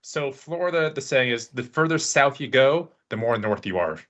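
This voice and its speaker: Bright-voiced man sharing trivia. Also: medium pitch, expressive, moderate pace. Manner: enthusiastic, explaining trivia. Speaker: podcast co-host. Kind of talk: casual chat.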